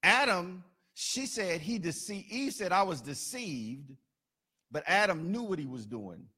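Man, sermon, emphatic repetition, bright edgy voice, a bit high. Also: very animated, unhurried, husky. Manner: emphatic, building repetition with loud peaks; colloquial asides. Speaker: preacher.

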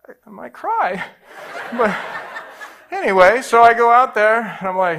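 Male pastor, forties, lively sermon storytelling, slightly high voice, swings from soft to loud. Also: moderate pace, pauses often. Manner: animated, jumps between hushed and loud, acts out voices.

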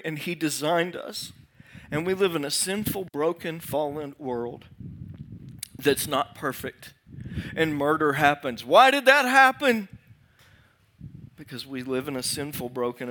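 Bright-voiced preacher, man. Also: fairly high pitch. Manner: asks the congregation rhetorical questions; swings from raised emphasis to hushed, slow delivery. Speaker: pastor. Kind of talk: sermon.

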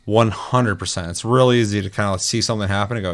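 A man's voice: lowish voice, fast. A man hosting a casual chat show, telling a gaming story with laughs and swearing. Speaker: podcast host.

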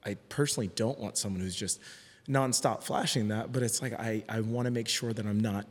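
A man's voice: fairly low pitch, fairly even intonation, brisk, breathy edge. A man talking as a podcast guest in a casual conversation, earnest and hesitant, often restarting his sentences. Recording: long hall reverb.

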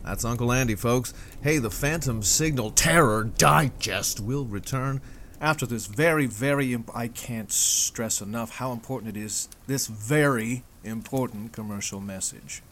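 A man's voice: mid-range voice, measured pace, fairly bright tone, soft background music. A man doing brash, crude comic announcer and huckster patter. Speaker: comic radio announcer and pitchman. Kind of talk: sketch comedy.

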